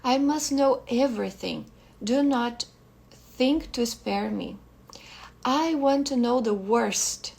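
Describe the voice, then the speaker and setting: Read by a woman, this is a coldly composed wife in a spoken short story. She speaks slowly and evenly, in a raised, slightly high voice. Her tone is husky, with a gravelly rasp underneath. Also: darkish tone, heavily acted. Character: cold, composed foreign woman, middle-aged.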